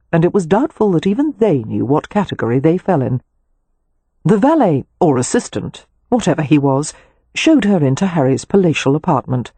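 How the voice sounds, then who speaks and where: Mellow, breathy woman narrator. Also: low voice, dry recording. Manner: measured storytelling. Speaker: audiobook narrator. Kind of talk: scripted narration.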